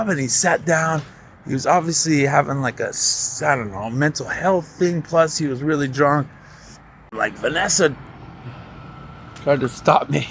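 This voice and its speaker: A man rambles through a candid personal story for his vlog, swearing often and acting out the lines of the people he met. His voice sits a little high for a man. Faint outdoor ambience and passing vehicles hum behind him. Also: normal speed, fairly bright tone, rough recording. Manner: candid, profane, storytelling with reenacted quotes. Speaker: vlogger.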